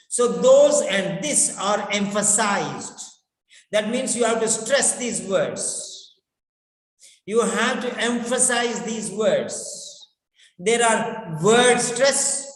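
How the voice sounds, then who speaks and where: An unhurried teacher lectures on speaking, saying each key phrase twice and turning to the students to make a point. The voice rings through an echoey hall with a long tail of reverb. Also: medium pitch, expressive. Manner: repeats key phrases slowly for emphasis; instructive, addresses students directly. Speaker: spoken English teacher.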